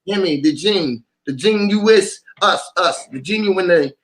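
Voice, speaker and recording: A man's voice: sits high, expressive, unhurried. A man delivering a rambling freestyle monologue, chanting and repeating words in a loose stream of wordplay. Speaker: vlogger.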